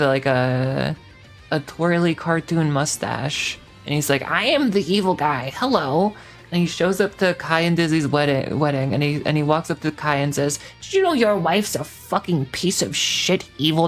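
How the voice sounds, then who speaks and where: A woman streamer with a notably low voice rambles casually, swearing with a sarcastic edge. Quiet, faint guitar music plays in the background.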